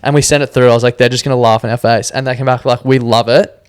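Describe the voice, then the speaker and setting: A young Australian man, a podcast guest, telling a story in a casual, animated way and acting out what people said. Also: medium pitch, rapid-fire, smooth, dry recording, clean studio sound. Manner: animated, laughs often, acts out quotes.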